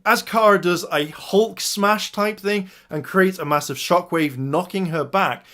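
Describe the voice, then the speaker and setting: A man's voice: sits high, unhurried, hardly any pauses, fairly bright tone. A man giving an enthusiastic casual review of TV episodes, retelling scenes and addressing his viewers. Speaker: video reviewer.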